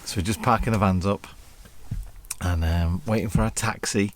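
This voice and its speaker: Playful Northern English man, low voice. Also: steady tone, normal speed, slight background noise. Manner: playful, jokey banter. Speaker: vlogger host. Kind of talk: casual travel vlog chat.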